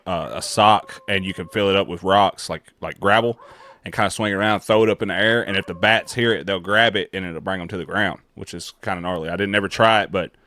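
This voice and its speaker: A man's voice: low voice, bright, forceful tone. A man with a Southern American accent, riffing profanely and laughing as he reacts to a video for his viewers. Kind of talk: casual reaction commentary.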